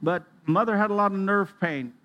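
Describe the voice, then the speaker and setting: A middle-aged man preaching a sermon, telling a personal story in an earnest manner and often clearing his throat. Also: high voice, moderate pace, dull audio.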